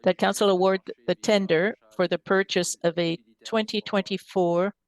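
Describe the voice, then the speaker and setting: A city councillor reading a formal resolution aloud, steady through long figures and account numbers. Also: medium pitch, normal speed, dry recording, low-quality recording.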